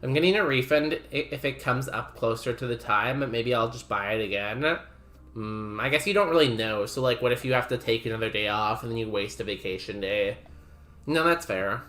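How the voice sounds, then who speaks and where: A man's voice: mid-range voice, brisk, bright, forceful tone, soft background music. A man streaming a game, chatting casually and rambling while he reads messages from chat aloud.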